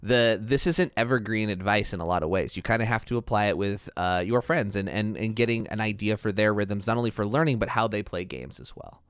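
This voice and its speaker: A man's voice: fairly low pitch, brisk, hardly any pauses, clean tone, dry recording, studio quality. A man co-hosting a casual board game podcast, chatty and reflective, with frequent fillers and easy laughs. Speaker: podcast co-host.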